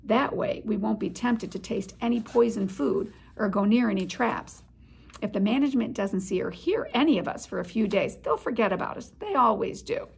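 A woman reading aloud, voicing a self-assured young male mouse who speaks calmly and a little grandly. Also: mid-range voice, normal speed, vocal fry, slightly rough, exaggerated voice.

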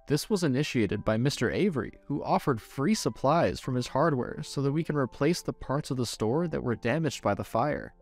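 A man reading a romance story aloud as first-person scripted narration. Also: medium pitch. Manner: expressive storytelling.

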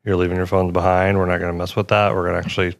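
A man's voice: sits low, level tone, racing, vocal fry. A middle-aged man co-hosting a podcast, dry and matter-of-fact. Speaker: podcast co-host. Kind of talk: casual chat.

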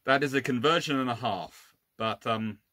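A man's voice: mid-range voice, normal speed, sharp tone, dry recording. A man, a naval historian, giving an informal illustrated lecture with wry, exasperated asides and frequent self-corrections.

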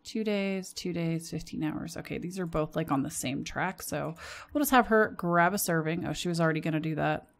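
An American woman hosting a casual let's-play, chatting with her game characters and breaking into quick bursts of excitement. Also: low voice, vocal fry. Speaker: gaming channel host.

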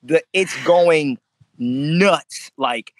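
Intense, swearing fighter, dry close sound. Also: male voice, fairly high pitch, drawn-out words, no echo, rough recording. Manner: intense, animated, swears freely. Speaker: MMA fighter, interview guest. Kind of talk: casual interview storytelling.

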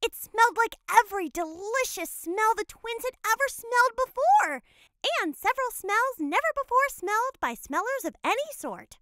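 A cheerful cat mother telling a cartoon storybook tale, her voice very high, bright and lively as it rises and falls. She narrates with unhurried playfulness, close and dry. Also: no room sound, exaggerated voice.

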